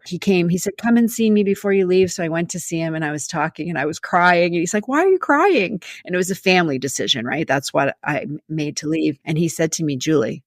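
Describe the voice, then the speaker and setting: A woman's voice: low-pitched, dry recording, clean studio sound. A woman leadership coach, a guest on a podcast, giving advice in an emphatic, story-driven way. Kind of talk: conversational podcast interview.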